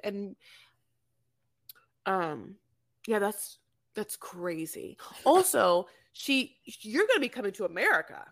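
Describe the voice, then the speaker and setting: Woman, podcast co-host, casual chat, animated, higher pitch. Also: unhurried. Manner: chatty, animated, acts out quotes from the show. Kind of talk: casual chat recapping a reality show.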